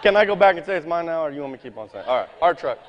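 A man preaching a sermon in a folksy, animated way, reading scripture aloud and talking straight to his congregation. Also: on the high side, very fast, big-room sound, dull audio, a little hiss or hum. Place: church meeting hall.

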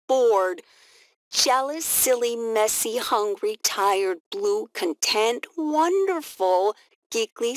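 A woman's voice: mid-range voice, dry recording. A woman voicing a moody young schoolboy who bursts out with rising, frantic feelings. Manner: excitable, rising to frantic outbursts.

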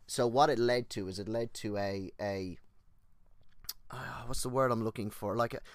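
A man's voice: mid-range voice, moderate pace, no echo. A man on a podcast as a guest, casually telling personal stories, swearing freely and acting out the people he quotes, often restarting and drifting onto tangents. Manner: rambling, restarts and goes on tangents. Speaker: podcast guest, exercise physiologist.

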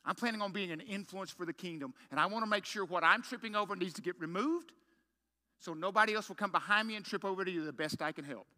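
A man's voice: high-pitched, quick pace, sharp tone. A middle-aged man preaching a sermon as pastor, telling a story with self-mocking humor and punchy rhetorical questions.

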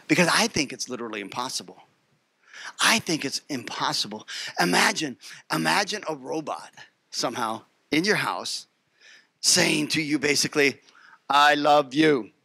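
A man preaching a sermon as pastor, animated and emphatic, repeating phrases and putting questions to the congregation. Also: a little high, gravelly, no room sound. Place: church.

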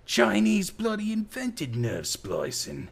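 Narrator playing a drunken Australian man bellowing, pitched far up. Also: huge pitch swings, slow, gravelly, heavily acted.

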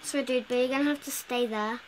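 A woman's voice: high voice, fairly even intonation, fairly quick, a little hiss or hum. A woman giving casual, playful commentary while playing a video game, chatting to the characters on screen. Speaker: gameplay video host.

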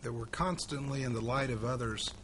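A man answering a question in a Bible class, thoughtful and halting, with some fillers. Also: mid-range voice. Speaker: student. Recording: noisy room audio, voice from far off.

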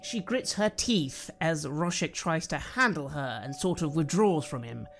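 A man narrating a tabletop horror game as game master, slow and dramatic. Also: on the high side, expressive, a bit bright, soft background music.

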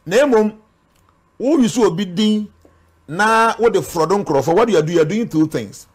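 Ghanaian guy, kinda high voice, talks earnest and preachy like he's warning you. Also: expressive, normal speed, slightly rough. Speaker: spiritual guest speaker. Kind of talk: interview talk mixing Twi and English.

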